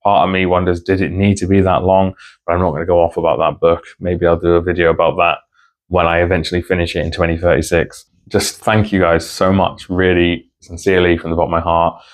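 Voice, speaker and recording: A man vlogging about books in a rambling, heartfelt casual chat to camera. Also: deep voice. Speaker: book vlogger.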